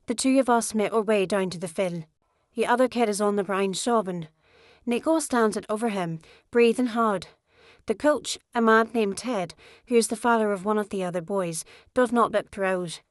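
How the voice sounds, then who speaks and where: A woman's voice: mid-range voice, normal speed, no room sound. Woman narrating an audiobook, dry sound. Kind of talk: first-person audiobook narration.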